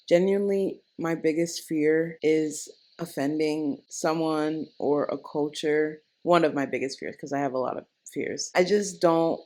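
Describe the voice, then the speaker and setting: A woman's voice: fairly low pitch, a little mellow. A young woman chatting to camera in a casual vlog, bubbly and giggly, with lots of fillers, recorded indoors at home. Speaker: vlogger.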